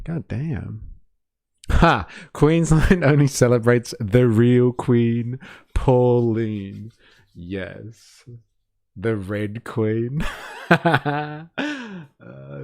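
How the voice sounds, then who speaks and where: A man's voice: on the low side, creaky, a little mellow, dry recording, studio quality. A man hosting a livestream, reading out viewer comments in a casual, swearing, mock-outraged way. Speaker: livestream host.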